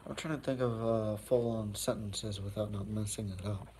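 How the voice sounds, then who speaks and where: A man's voice: lowish voice, fairly even intonation, moderate pace, mellow, slight background noise, rough recording. A young man chatting casually on a live stream at home, rambling with many fillers as he walks around. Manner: rambling, easygoing, full of fillers and asides.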